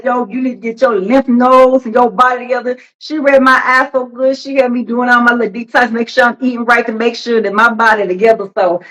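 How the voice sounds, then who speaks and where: A woman talks loosely and warmly on a livestream. She chats about spirit and healing in a slangy, easygoing way. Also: on the high side, fairly even intonation, fairly quick, few pauses, rough recording. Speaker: livestream host. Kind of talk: casual livestream chat.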